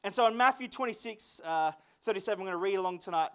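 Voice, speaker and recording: A young adult man, a lead pastor, preaching a sermon in an earnest way, repeating words for emphasis and reading scripture aloud in slow phrases. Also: high voice, a bit bright, clean tone.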